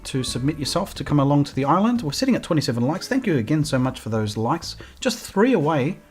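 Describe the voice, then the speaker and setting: A woman's voice: low-pitched, sing-song, fast talker, darkish tone, husky, soft background music. A woman talking casually on a live game stream, chatty and thanking her viewers as she plays.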